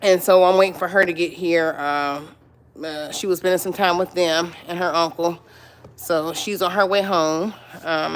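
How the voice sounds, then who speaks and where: A woman's voice: fairly low pitch, smooth. Chatty woman live-streaming to viewers. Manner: chatty, repeats phrases, addresses viewers as y'all and you guys. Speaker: lifestyle vlogger on a livestream. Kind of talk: casual live-stream chat.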